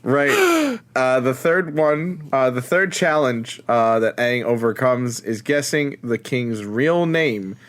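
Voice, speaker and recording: A man's voice: mid-range voice, big pitch swings, takes it slowly, a bit bright. Laid-back man recapping on a podcast. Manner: laid-back, summarizes plot with jokes. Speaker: podcast co-host. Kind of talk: casual chat with episode recaps.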